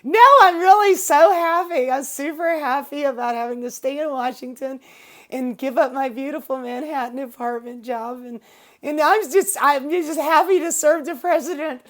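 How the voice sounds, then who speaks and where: A woman's voice: sits high, normal speed, pitched above the performer's own voice, natural voice. A woman putting on a mock-cheerful female politician, sugary and over the top with sarcastic enthusiasm. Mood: mock gushing.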